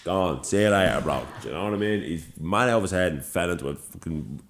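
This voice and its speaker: A young man from Ireland with a Dublin accent, co-hosting a podcast and telling an animated, swear-filled story. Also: low voice, fast talker, creaky, background noise. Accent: Dublin Irish. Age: young adult. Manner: animated storyteller, swears freely, acts out quoted lines. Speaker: podcast co-host. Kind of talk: casual storytelling chat.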